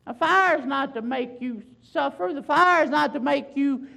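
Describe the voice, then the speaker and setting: A woman preaching a sermon, building emphasis with loud swells and slow, drawn-out phrases. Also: sits high, vocal fry, rough recording.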